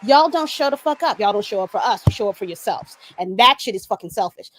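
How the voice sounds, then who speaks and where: A woman's voice: mid-range voice, lively intonation, fast talker, a little hiss or hum. A woman guest on a podcast, ranting in a heated, profane and emphatic way during a casual talk.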